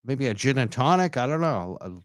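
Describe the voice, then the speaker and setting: A man's voice: mid-range voice, big pitch swings, fairly quick, no echo, clean studio sound. Sarcastic man mocking a video. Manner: sarcastic, laughing, crude. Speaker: commentator reacting to event footage. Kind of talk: mocking running commentary over a video.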